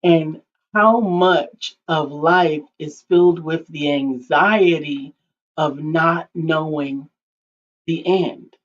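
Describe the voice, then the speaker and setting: A woman's voice: deep voice, very slow. A woman co-hosting an online talk show, reflecting thoughtfully on a story and quoting scripture. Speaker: podcast co-host. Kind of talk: reflective conversation. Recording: dull lo-fi stream audio.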